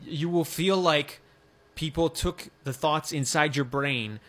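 A man's voice: a little high, slow pace, a bit bright. Joking Michigan man hosting a sports podcast. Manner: reads excerpts aloud, joking. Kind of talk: casual sports talk.

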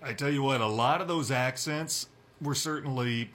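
Brisk young man hosting sports radio. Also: mid-range voice. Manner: brisk, opinionated, lively. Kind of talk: casual sports talk.

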